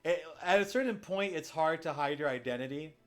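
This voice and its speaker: A man's voice: on the high side, a little fast, fairly bright tone. A young man from the United States hosting a podcast, chatting casually in a rambling way with lots of fillers. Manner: rambling, many fillers and restarts. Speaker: podcast host. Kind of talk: casual chat.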